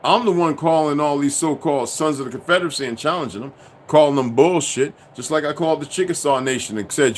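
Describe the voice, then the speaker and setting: A man hosting a casual livestream, rambling and profane, dropping from low muttering to loud outbursts. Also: fast talker, slight background noise. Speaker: livestream host.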